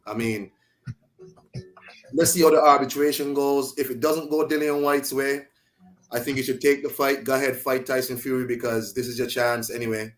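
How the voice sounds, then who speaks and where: A man appearing as a guest commentator in a casual discussion, opinionated and quick to laugh. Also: medium pitch, fairly bright tone.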